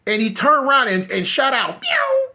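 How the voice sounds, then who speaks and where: Bright-voiced man telling a street story. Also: very high voice, normal speed. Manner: animated, acts out voices, repeats and restarts. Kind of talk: casual storytelling.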